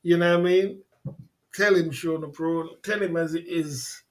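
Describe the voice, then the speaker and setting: A man's voice: on the high side, steady tone, moderate pace, low-quality recording. A man hosting a casual livestream chat, bantering in slang, laughing often and repeating his catchphrases. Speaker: livestream host.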